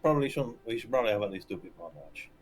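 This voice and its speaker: A man's voice: fairly low pitch, very animated, very fast. A young man in a tabletop game session, speaking earnestly in character. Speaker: player.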